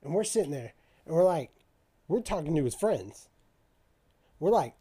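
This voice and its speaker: A slightly high, breathy-edged male voice moves at a moderate pace as a young man rambles through a profane tale in casual talk. He acts out what the other people said with lively quoted dialogue.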